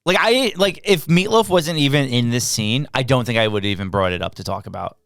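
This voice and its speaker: Man, podcast co-host, casual movie review chat, exasperated, smooth resonant voice, dry close sound. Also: mid-range voice, expressive, fairly quick, a bit bright, no room sound. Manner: exasperated, sarcastic recapping.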